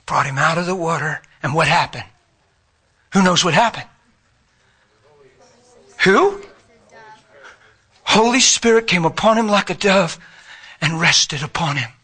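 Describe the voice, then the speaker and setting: A man preaching an emotional sermon, swinging from loud exclamations to near whispers. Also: on the high side, slightly rough. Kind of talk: impassioned sermon.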